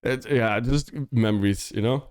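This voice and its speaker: A man's voice: mid-range voice, normal speed, a little mellow, clean tone, no echo, clean studio sound. Young Dutch man chatting on stream. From Netherlands. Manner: rambling, full of "like" and restarts. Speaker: music producer streamer reviewing demos. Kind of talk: casual live-stream chat.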